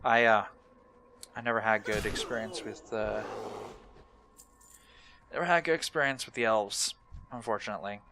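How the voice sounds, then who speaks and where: A man's voice: fairly low pitch, moderate pace, long pauses, noisy background. A young man giving casual, rambling gaming commentary, hesitant and self-deprecating. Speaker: let's play host.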